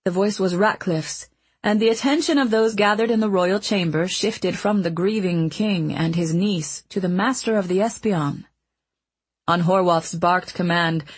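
A woman narrating an audiobook in a measured, expressive storytelling manner. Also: lowish voice, slightly rough.

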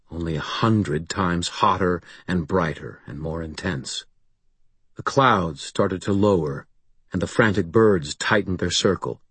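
A man reading first-person fantasy audiobook narration in a measured, deliberate storytelling manner. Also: deep voice, a bit bright, slightly rough, no room sound.

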